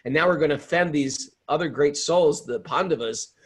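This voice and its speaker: A man putting on a flustered group of old sages, talking in a hurried way in a told story. The voice is husky and a touch breathless. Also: on the high side.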